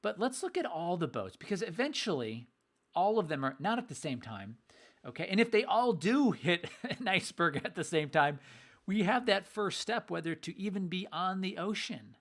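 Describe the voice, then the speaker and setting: A middle-aged man giving a casual video lesson on investing, energetic, repeating phrases for emphasis with a mildly sarcastic edge. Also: high voice, normal speed. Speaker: investing educator.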